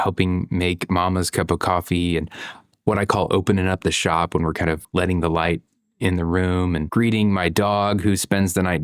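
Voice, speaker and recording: A man's voice: low voice, smooth, no echo, studio quality. A man in his thirties talking through a reflective vlog monologue, conversational, with frequent "you know" and "right?". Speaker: parent vlogger.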